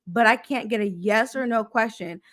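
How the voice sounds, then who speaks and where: A woman's voice: a little high, moderate pace, a bit bright. A woman co-hosting a casual chat, blunt and exasperated, swearing freely as she presses her point.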